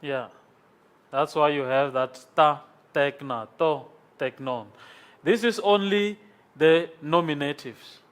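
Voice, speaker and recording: A man lectures at a board in a classroom, slightly stuffy from sinus trouble. His voice sits a little high for a man and he speaks slowly and deliberately. He repeats each form patiently and keeps checking that the class is following. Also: smooth. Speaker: Greek language teacher.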